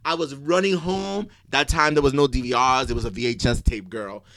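A man co-hosting a casual chat show, talking in an excitable, dramatic, gossipy way. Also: mid-range voice, a little fast, no echo. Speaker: podcast co-host.

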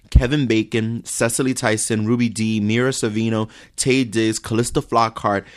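A man co-hosting a podcast who talks earnestly and rambles with repeated words, at times reading news items aloud. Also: on the low side. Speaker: podcast co-host.

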